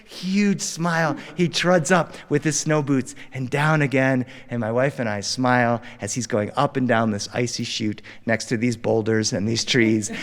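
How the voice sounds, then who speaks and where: A man telling a family story live in a studio, animated and dramatic. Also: mid-range voice, in a large hall. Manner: animated, dramatic, jumps into character voices. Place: recording studio.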